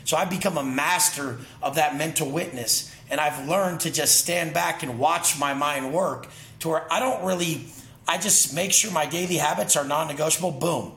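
A man's voice: fairly high pitch, a bit bright. Intense, profane man in echoey room. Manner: intense, profane, emphatic storytelling. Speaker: podcast guest. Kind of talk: casual interview talk.

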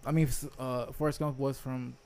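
A man's voice: mid-range voice, flat delivery, moderate pace, darkish tone. A man joking and teasing his friends in casual podcast banter. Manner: joking, teasing, laughs often.

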